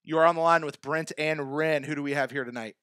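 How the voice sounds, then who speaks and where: A man's voice: a little high, fairly even intonation, fast, a bit bright, no echo. A man hosting a live call-in fan podcast, talking casually with plenty of restarts and fillers. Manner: casual, chatty, hesitant restarts. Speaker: podcast host.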